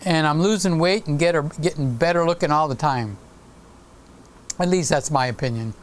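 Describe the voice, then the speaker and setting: A man's voice: on the high side, moderate pace, a little hiss or hum. A man in his late sixties hosting a casual live stream, rambling and stopping to greet viewers by name. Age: 60s.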